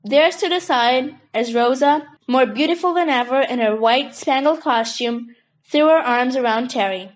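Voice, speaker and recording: Steady children's audiobook narrator, woman, bright high register. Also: moderate pace, rough recording. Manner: steady storytelling. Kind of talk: scripted children's book narration.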